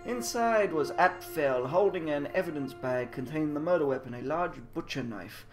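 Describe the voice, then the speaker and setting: A man's voice: fairly high pitch, lively intonation, moderate pace, over music. A man reading a mystery game aloud with crude, confused, mocking asides. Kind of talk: casual game commentary.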